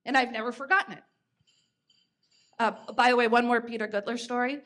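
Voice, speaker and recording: A woman's voice: on the high side, fairly even intonation, brisk, fairly bright tone. A woman in her fifties, a podcast host telling stories in a chatty way, with fillers and restarts. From United States. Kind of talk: conversational storytelling.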